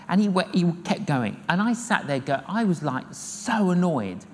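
An older man, preaching a sermon as an evangelist, telling stories lively and acting out the dialogue himself. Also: sits high, moderate pace, few pauses. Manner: lively storyteller acting out dialogue, repeats phrases. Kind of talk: sermon with humorous storytelling. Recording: long hall reverb with faint noise.

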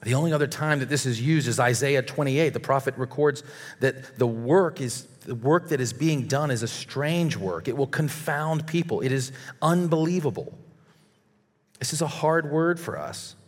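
A male preacher delivering an earnest sermon, reading scripture aloud and warning his listeners. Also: medium pitch. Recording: long reverb of a large hall.

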